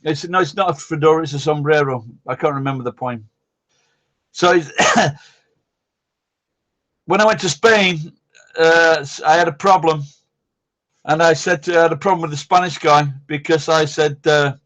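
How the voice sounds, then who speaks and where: A man's voice: fairly high pitch, normal speed, long pauses, fairly bright tone. A man, hosting a casual live-stream chat, rambling, blunt and swearing constantly. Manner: rambling, blunt and heavily profane.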